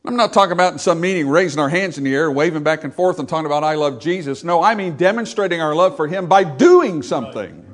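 A male pastor preaching a sermon, emphatic, asking the congregation rhetorical questions and building up loudly as he quotes scripture. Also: on the high side, expressive, quick pace, few pauses.

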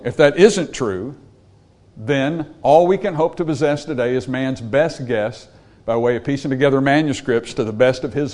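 A man's voice: medium pitch, a little mellow. Emphatic man preaching a sermon. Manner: emphatic, repeats words, asks the congregation questions. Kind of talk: sermon with slides.

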